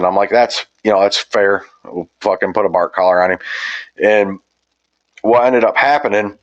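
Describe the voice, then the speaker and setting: A man's voice: lowish voice, fairly even intonation, normal speed. A man hosting a podcast, telling a hunting-dog story in casual, profane, rambling chat. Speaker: podcast host. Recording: dull lo-fi audio.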